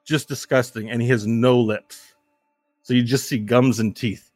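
Game master, man, dry close sound, lively narration. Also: medium pitch, measured pace, no echo, soft background music.

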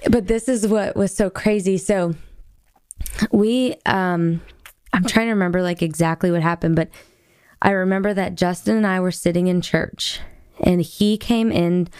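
A woman guest in a casual faith conversation, telling a personal story in an animated way with fillers. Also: on the low side, normal speed, clear, resonant tone, dry recording, clean studio sound. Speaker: guest, author.

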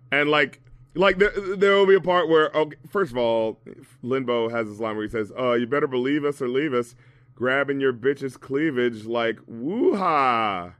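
A man's voice: a little high, dry recording. A man talking as a podcast guest, rambling and swearing as he tears apart an album in casual chat. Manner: profane, rambling, animated.

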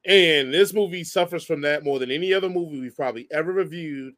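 A man's voice: fairly high pitch, quick pace, fairly bright tone. A man co-hosting a movie review show, chatting casually and bluntly backing up his partner. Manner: agreeing backchannel, blunt opinions. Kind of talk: casual chat.

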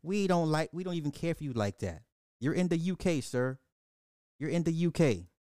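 A man hosting a livestream in casual commentary, talking in an animated, emphatic way and laughing often. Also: a little high, normal speed, dry recording, clean studio sound. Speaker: livestream host.

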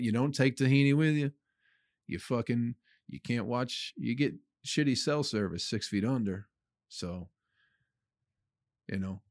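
A man's voice: on the low side, darkish tone, no room sound, studio quality. A man hosting his own comedy podcast, delivering a rambling, profane monologue that he aims at listeners he calls people. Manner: acts out his own inner voice in quotes.

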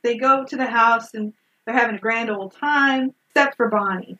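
A woman's voice: on the high side, moderate pace, pushed and bright, distant mic, highs cut off. A woman co-hosting a casual podcast, retelling a film plot in a chatty way, laughing and acting out the characters' lines. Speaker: podcast co-host recapping a film. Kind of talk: casual chat.

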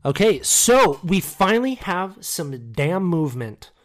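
Laughing American man, lively pitch. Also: measured pace, no echo, low-quality recording. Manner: joking, laughs often. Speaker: podcast co-host. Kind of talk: casual chat.

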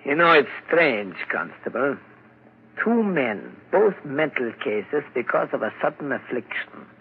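A man playing a composed doctor at a mental ward, measured and explanatory, in 1940s radio acting. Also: medium pitch, big pitch swings. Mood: explaining. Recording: dull old radio recording, faint hiss.

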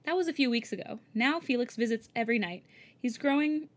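A podcast co-host reads a fan story aloud in a casual way. Her voice sits a little high, and she often dissolves into giggles mid-sentence before carrying on with the story. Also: animated, fast talker. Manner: giggly, breaks into laughter while reading. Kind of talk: casual reading with giggling asides.

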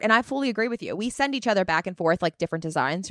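A woman's voice: dry recording, studio quality. Playful woman podcast co-host. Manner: playful, quick quips, jumps up in pitch when excited. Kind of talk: casual chat.

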